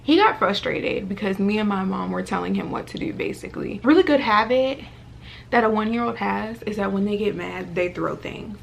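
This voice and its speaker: A woman in her twenties telling a casual storytime vlog, animated and full of fillers. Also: mid-range voice, moderate pace, vocal fry, a little hiss or hum. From Virginia, US. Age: 20s. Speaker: vlogger.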